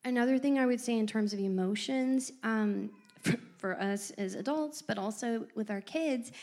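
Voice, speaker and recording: A middle-aged woman co-hosting a faith-based parenting chat, telling stories with lively asides. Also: fairly high pitch, normal speed. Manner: animated storyteller with lively asides.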